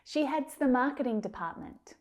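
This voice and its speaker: A woman teaching English pronunciation, saying words slowly and carefully with drawn-out enunciation, then using them in example sentences. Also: high-pitched, lively intonation. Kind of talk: pronunciation lesson.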